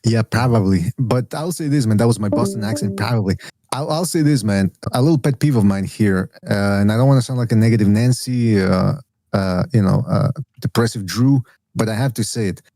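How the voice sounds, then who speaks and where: A man's voice: lowish voice, a little fast, warm tone, no echo. A man hosting a casual boxing podcast, opinionated and rambling, full of restarts and asides. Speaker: podcast host.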